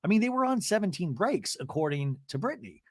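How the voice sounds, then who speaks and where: This podcast host's reality-show recap is rambling, animated and full of laughs, done in a casual comic style. His high voice comes quickly, recorded dry at studio quality.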